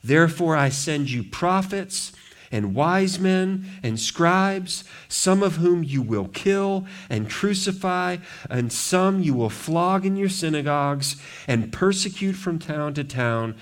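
A male pastor preaches a sermon emphatically, his voice on the high side, swinging between loud declarations and quiet asides.

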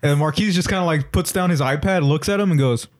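A man's voice: fairly high pitch, fast. A young man in casual chat, telling a work story with lots of laughter and slang.

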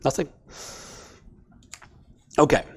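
A man leading a Bible study for a small group, talking casually and checking in with his listeners as he goes. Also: slow. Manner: conversational, checks in with "okay?".

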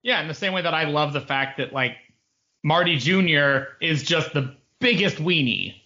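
Bright-voiced man chatting casually. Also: on the high side, moderate pace, muffled recording. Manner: relaxed, rambling with many fillers. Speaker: podcast co-host. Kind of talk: casual chat.

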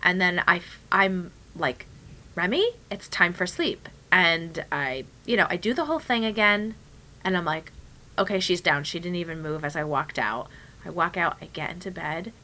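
A woman's voice: on the low side, moderate pace, pushed and bright. A young woman chatting casually as a podcast co-host, telling a story animatedly and acting out her own whispered and spoken quotes. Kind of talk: casual chat.

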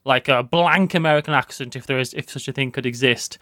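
A young British man from the West Midlands with a softened accent, chatting casually as a podcast co-host in a rambling, quick way. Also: mid-range voice, no echo, studio quality. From West Midlands, England. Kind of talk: casual chat.

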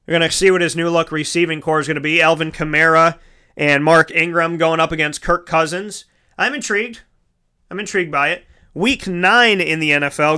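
A man's voice: on the high side, sharp tone, clear, resonant tone. A man hosting a casual solo sports talk show, chatty and rambling, correcting himself mid-sentence and calling his listeners folks.

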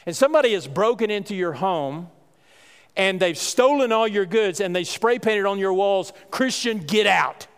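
High, clear-voiced pastor preaching. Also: male voice, animated, normal speed. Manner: folksy, emphatic preaching with rising exclamations. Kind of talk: sermon. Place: church sanctuary. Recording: reverberant church hall.

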